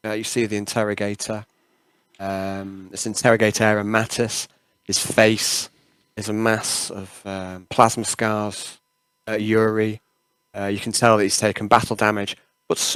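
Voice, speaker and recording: A man narrating as game master of a tabletop game, halting and full of fillers. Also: lowish voice, a bit bright, clean tone, no room sound. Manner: halting, many fillers, laughs at himself.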